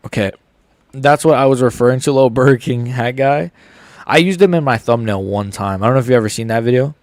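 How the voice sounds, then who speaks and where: A young man with hiccups chatting casually on a live stream, reading viewers' messages aloud in relaxed slangy banter. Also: medium pitch, fairly quick, long pauses, no echo. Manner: reads chat aloud, laid-back slangy banter. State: has the hiccups. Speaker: streamer reacting live to fights.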